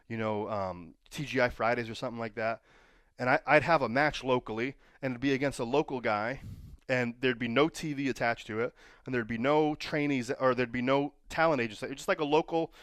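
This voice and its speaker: A man who coaches pro wrestlers talks through his advice in a loose, storytelling way and keeps asking "right?" His pitch sits in the middle of a man's range. The recording is dry and close. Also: a bit bright, no room sound. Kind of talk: casual advice monologue.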